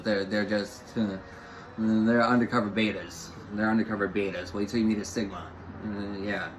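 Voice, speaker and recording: A man's voice: fairly low pitch, background noise. Rambling man giving a spiritual talk. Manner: rambling, repeats phrases, many fillers. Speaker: spiritual host.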